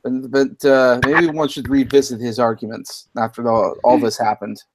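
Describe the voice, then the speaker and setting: A man's voice: medium pitch, flat delivery, normal speed, a little hiss or hum. A man speaking hesitantly with many fillers in a casual livestream discussion. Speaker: stream panelist.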